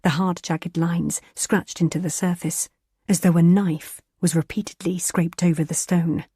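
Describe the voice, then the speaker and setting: A woman reading a thriller audiobook in a tense, measured narrating style. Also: lowish voice, fairly even intonation, dark tone, slightly rough, no room sound, studio quality.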